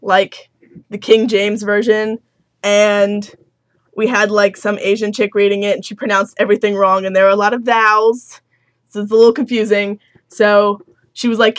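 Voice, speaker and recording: A woman's voice: medium pitch, little pitch movement, moderate pace, no room sound. Chatty, profane young woman storyteller. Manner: slangy, profane, chatty with fillers. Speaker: student storyteller. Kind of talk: casual comic retelling.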